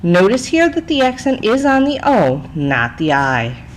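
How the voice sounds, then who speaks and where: A woman's voice: mid-range voice, unhurried, rough recording. Woman teacher talking thru slides, chatty, voice bouncing up and down, bit of faint background noise. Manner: lively, chatty, explains step by step with frequent "okay?". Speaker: Spanish teacher. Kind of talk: recorded slide lesson narration.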